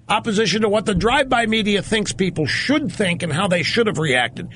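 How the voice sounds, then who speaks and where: Man, radio talk host, high voice, very animated swings in pitch, emphatic. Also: normal speed, few pauses, a little hiss or hum. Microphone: studio microphone.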